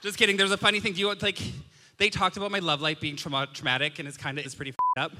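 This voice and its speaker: Campy drag queen turning forty, bright and high. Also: flat delivery, racing. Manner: campy, bawdy, self-mocking, giggling. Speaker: drag performer, guest of honor at her roast. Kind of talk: live roast stage banter. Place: live comedy venue with audience. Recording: hall reverb of a live venue.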